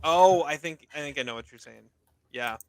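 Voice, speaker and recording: A man's voice: fairly high pitch, moderate pace, a little mellow, smooth, no room sound. A man co-hosting a movie review podcast, easygoing and asking questions. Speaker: podcast co-host. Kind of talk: casual movie review chat.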